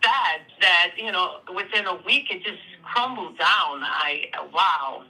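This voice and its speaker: A speaker on a live call-in stream, chatting casually in a hesitant, measured way with many fillers. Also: mid-range voice, lively intonation, sharp tone, rough recording. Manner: hesitant, measured, full of "you know" and "um". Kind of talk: casual chat.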